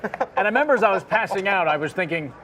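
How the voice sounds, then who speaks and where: A man telling comic anecdotes in casual table talk during a poker game at a casino, self-deprecating and quick with punchlines. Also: high-pitched, animated, sharp tone. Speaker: celebrity poker player and guest.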